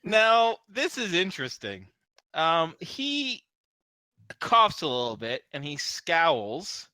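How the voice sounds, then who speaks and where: A man narrating as game master in a casual tabletop session, animated and often laughing. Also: on the high side, slow, smooth, no echo. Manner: animated, laughing, loose with fillers.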